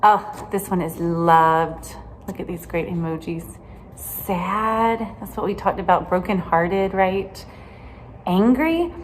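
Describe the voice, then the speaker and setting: A woman teaching a children's Bible lesson in a gentle, chatty way, often checking in with "right?". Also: fairly low pitch, fairly even intonation, slow pace, slight background noise. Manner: gentle, chatty, asks questions with many "right?"s.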